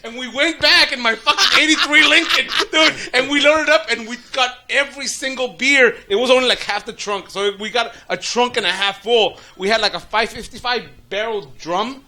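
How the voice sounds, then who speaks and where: A man's voice: very high voice, moderate pace, few pauses, sharp tone. A man co-hosting a podcast, telling profane, laugh-filled stories in casual chat and acting out other people's lines. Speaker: podcast co-host.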